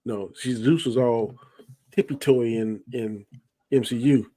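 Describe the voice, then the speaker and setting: A man with a middle-pitched voice joins a casual podcast chat. He talks in folksy slang and drags out his punchlines for emphasis. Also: steady tone, measured pace, dark tone, no room sound. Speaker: podcast co-host.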